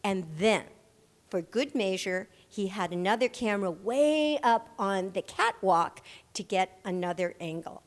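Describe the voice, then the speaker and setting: An older actress tells her stories animatedly, slipping into the voices of the people she quotes. Her pitch sits in the middle range for a woman. The sound carries a long reverb, as if recorded in a large event hall. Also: measured pace. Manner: animated anecdote-teller who acts out the people she quotes. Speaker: actress and interview guest. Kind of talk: storytelling on stage in a live interview.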